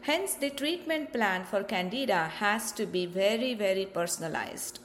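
A woman's voice: medium pitch, expressive, normal speed, fairly bright tone, a little hiss or hum. A woman hosting a health podcast, giving a scripted educational explanation with rhetorical questions to the listener.

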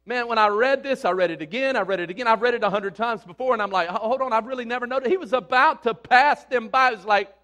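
A man's voice: very high-pitched, quick pace, few pauses, pushed and bright. A man preaching a sermon in an emphatic, conversational way, often asking his listeners questions.

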